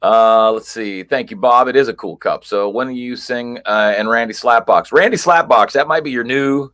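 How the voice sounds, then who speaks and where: A man's voice: medium pitch, moderate pace, a bit bright. A man hosting a casual livestream, chatting and greeting viewers one by one in a rambling way with lots of fillers. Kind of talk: casual live chat. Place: chilly basement at home.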